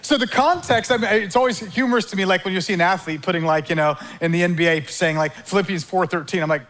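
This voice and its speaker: High-voiced pastor preaching. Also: male voice, quick pace, few pauses. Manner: animated preaching with call-and-response and acted-out inner dialogues. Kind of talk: sermon.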